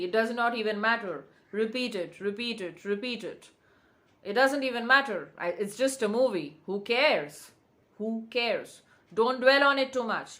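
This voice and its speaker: A woman talks to viewers live as a manifestation coach. Her voice sits a little high, and she drives points home by repeating lines with firm emphasis. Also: sharp tone. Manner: emphatic, repeats affirmations insistently. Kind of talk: casual livestream Q&A.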